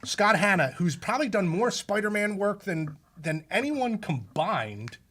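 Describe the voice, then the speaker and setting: A man who organizes a comic convention, talking in an excited, rambling, emphatic way. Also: sits high, a little slow. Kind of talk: casual chat.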